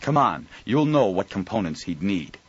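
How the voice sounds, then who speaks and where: A man's voice: sits low, big pitch swings, normal speed, husky, lo-fi sound, full character voice. A man voicing a stern, precise woman commander who speaks in harsh, clipped syllables.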